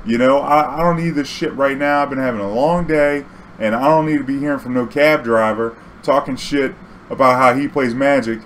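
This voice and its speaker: A man voicing a stressed, irritable young woman passenger who swears and takes offense quickly, in a raised voice. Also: medium pitch, a bit bright, a little hiss or hum, pitched above the performer's own voice, close to an everyday voice. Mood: irritated. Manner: defensive, profane, quick to take offense.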